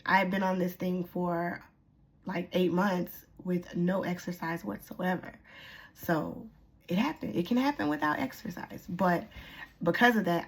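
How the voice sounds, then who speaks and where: Woman vlogger, low gravelly voice, candid and chatty. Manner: candid and chatty, many fillers. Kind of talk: casual personal vlog. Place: lives on a military post.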